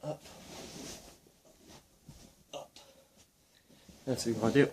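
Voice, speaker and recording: A young man explaining and demonstrating ab exercises in a casual, relaxed way while counting reps aloud. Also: mid-range voice, slow pace, slight background noise. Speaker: fitness instructor.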